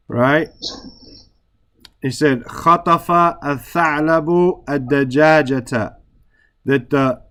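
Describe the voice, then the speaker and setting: Slow-talking man teaching grammar. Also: mid-range voice, a bit bright. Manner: stresses words for emphasis, often adds "right?". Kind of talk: relaxed classroom explanation.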